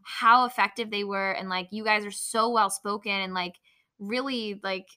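A woman's voice: medium pitch, steady tone, normal speed, bright, forceful tone. A young woman in casual chat about an event, rambling with many fillers and restarts. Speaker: event panelist.

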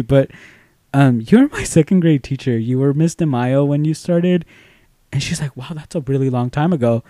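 Animated young man with a mellow voice. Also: on the high side, brisk, no echo, clean studio sound. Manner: animated, acts out quoted voices, swears casually. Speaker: podcast co-host. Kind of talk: casual storytelling chat.

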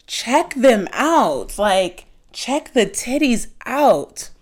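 A young adult woman hosting a podcast, chatting casually and telling candid stories, filling her speech with "like". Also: medium pitch. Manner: chatty, candid storytelling with lots of "like". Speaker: podcast host. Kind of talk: casual chat.

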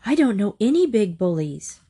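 A woman voicing a flustered, tearful mother in a storybook reading, high and anxious. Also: big pitch swings, moderate pace, warm tone, breathy edge. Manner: wailing and anxious, high-pitched.

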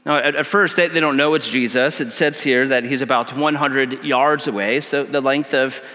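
A male pastor preaching a sermon in a relaxed, conversational way, telling self-deprecating stories with frequent stammered restarts. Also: mid-range voice, moderate pace. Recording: long church hall reverb.

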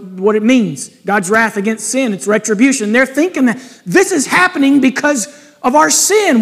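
High-voiced man preaching in a reverberant hall. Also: fairly bright tone. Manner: reads scripture aloud with pointed asides. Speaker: pastor. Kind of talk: sermon.

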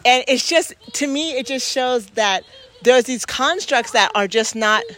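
A woman's voice: sits high, expressive, a little slow, fairly bright tone. Earnest woman thinking aloud. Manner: earnest, emphatic, thinks aloud with many restarts. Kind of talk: reflective casual talk.

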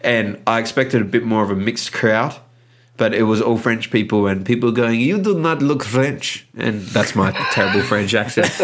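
Male co-host, lowish voice, casual and meandering, many fillers. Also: steady tone, normal speed, a bit bright. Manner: rambling, frequent ums and restarts. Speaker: podcast co-host. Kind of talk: casual football chat. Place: lives in Adelaide.

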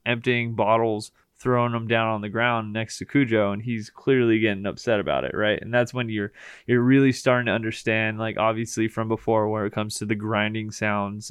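A man's voice: lowish voice, clear, resonant tone, dry recording, clean studio sound. A man co-hosting a podcast, recapping a movie in casual chat, swearing often and laughing easily. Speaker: podcast co-host.

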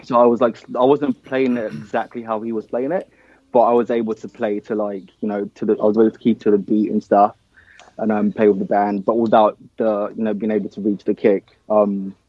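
Low, flat-voiced young Nigerian-born drummer. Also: male voice, brisk, no echo, highs cut off. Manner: relaxed, filler-heavy, says man and dude. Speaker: band drummer. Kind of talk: casual interview chat.

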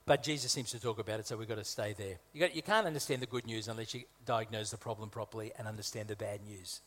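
A man's voice: on the low side, fast, fairly bright tone. A man from Malta, a guest preacher, delivering a conversational sermon with humorous asides and emphatic repetition. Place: church hall. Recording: reverberant hall.

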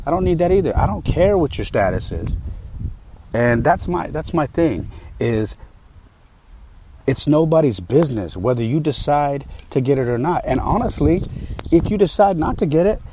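A man's voice: fairly high pitch, expressive, moderate pace, warm tone, a little hiss or hum. A man hosting a podcast, telling a story in a candid, heated, casual way with frequent fillers. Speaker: podcast host.

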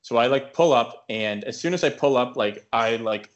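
A man's voice: medium pitch, normal speed, muffled recording. Rambling young man telling a story. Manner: rambling, lots of filler likes and restarts. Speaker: podcast co-host. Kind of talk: casual storytelling chat.

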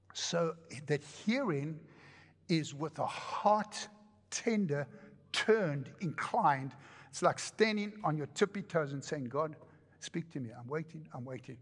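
A man preaches with a slightly high voice, animated and joking, repeating phrases for emphasis. His voice carries a long reverb through a church hall. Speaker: pastor. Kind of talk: sermon.

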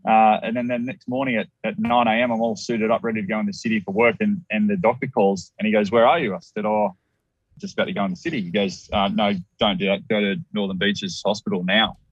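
A man's voice: on the low side, steady tone, fast talker, breathy edge, no room sound, lo-fi sound. An Australian man telling a personal story as a guest, rambling with restarts and acted-out quotes.

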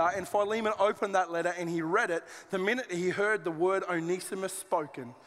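Aussie pastor guy preaching, jokey and chatty, highish voice, big echoey church hall. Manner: conversational and joking, with colloquial asides. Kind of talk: sermon. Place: church auditorium.

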